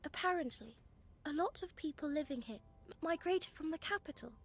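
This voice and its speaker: A stammering young game heroine. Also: female voice, high voice, expressive, fairly quick. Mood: earnest. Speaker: game character. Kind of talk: game voice acting.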